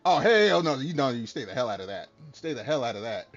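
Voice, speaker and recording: A man's voice: mid-range voice, very animated, quick pace. A man streaming a game and chatting casually with his viewers, joking, laughing and swearing freely. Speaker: streamer talking to chat. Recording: dull lo-fi stream audio with faint music.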